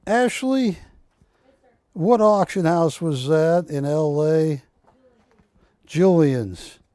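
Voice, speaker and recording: Male shopping-channel host, unhurried and chatty, dark dry sound. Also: on the high side, lively intonation, no room sound. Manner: rambling, jokey, self-correcting. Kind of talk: live sales pitch. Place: TV shopping studio.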